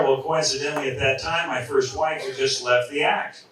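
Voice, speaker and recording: A man's voice: medium pitch, fairly even intonation, moderate pace, a bit bright. Man telling a rambling comic story. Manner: rambling, self-interrupting, playful storyteller. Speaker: magician telling a story at a memorial. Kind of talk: comic anecdote to an audience. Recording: echoey hall, far from mic, crowd.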